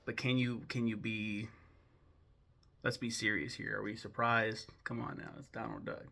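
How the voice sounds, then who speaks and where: A young man with a bright, forceful, mid-pitched voice gives casual commentary as the host of a film-ranking video. He rambles loosely, swears freely, and fills his sentences with ums and restarts. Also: unhurried. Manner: loose, profane, rambling with many fillers and restarts.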